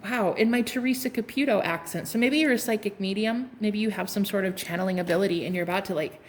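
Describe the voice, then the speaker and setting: A woman's voice: mid-range voice, fast, few pauses, slight background noise. A woman giving a casual tarot reading to her viewers, sassy and playful, laughing often, swearing and calling them honey. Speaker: tarot card reader.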